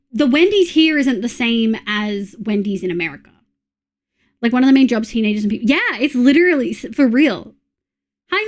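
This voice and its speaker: A woman's voice: on the high side, a little mellow. An Australian woman in her thirties chatting casually on a live stream, blunt and sweary, reacting to chat.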